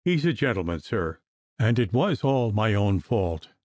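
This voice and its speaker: A man voicing a plump, timid male apothecary with a lisp, who talks in a high, pleading, flustered way. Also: very animated, unhurried, darkish tone, no echo. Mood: imploring.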